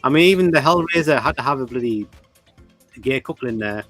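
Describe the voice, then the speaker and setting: A man's voice: medium pitch, animated, a bit bright. Man, livestream co-host, chatty, faint background music. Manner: chatty, greets viewers, quick bursts. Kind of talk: casual livestream chat reading viewer comments.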